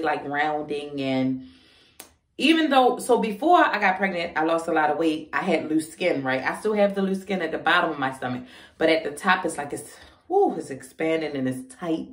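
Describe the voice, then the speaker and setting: Young woman just chatting, lots of ums, kinda low voice, sitting back from the mic. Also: lively intonation, moderate pace, roomy sound, far from the mic. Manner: chatty, frank, with many fillers. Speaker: vlogger. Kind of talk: casual chat.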